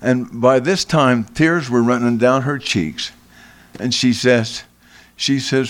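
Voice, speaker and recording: An older man, a guest in a radio studio, telling a long personal story slowly, with frequent restarts and repeated words. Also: mid-range voice, fairly even intonation, fairly bright tone. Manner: slow, halting, with many restarts.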